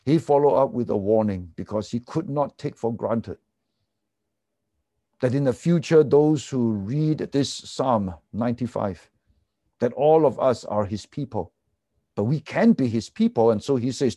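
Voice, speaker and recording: Male pastor, warm mellow voice, dry close recording, earnest sermon delivery. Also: mid-range voice, moderate pace, dry recording. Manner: earnest preaching, swings from emphatic to hushed.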